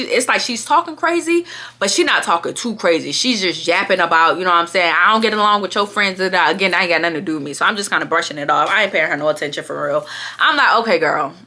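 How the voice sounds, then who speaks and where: Bright-voiced young woman telling a story. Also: lowish voice. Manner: animated, profane, talks straight to viewers. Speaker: vlogger. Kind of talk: casual storytime vlog.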